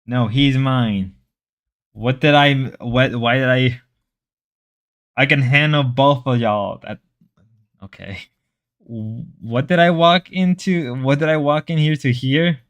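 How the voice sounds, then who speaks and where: A Spanish-speaking man hosts a livestream, rambling and joking loosely with his chat in a casual way. His mid-range voice is bright, forceful, clear and crisp, and he keeps slipping into playful mock voices.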